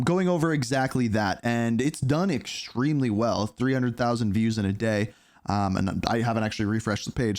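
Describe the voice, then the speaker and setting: A man's voice: medium pitch, darkish tone. Casual man rambling through reaction asides. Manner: loose, rambling, questioning asides. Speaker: reaction video host.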